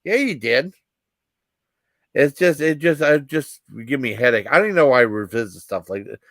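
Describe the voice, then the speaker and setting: A man in his fifties telling rambling personal stories as a vlog host, halting with many fillers and restarts. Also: medium pitch, lively intonation, fairly bright tone, no echo.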